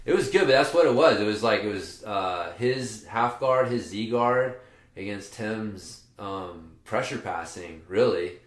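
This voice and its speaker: A man's voice: lowish voice, a little slow, reverberant. A man hosting a casual podcast, talking at length in a rambling, profane way with many restarts. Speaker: podcast host and jiu-jitsu coach. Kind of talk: casual chat.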